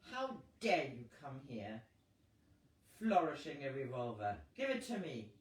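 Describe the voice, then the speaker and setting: A man reading aloud and voicing a fierce, indignant older woman who scolds in slow, clipped phrases, as in a storybook. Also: medium pitch, animated, natural voice. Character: indignant older American woman, candidate's wife. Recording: roomy, distant mic with faint noise.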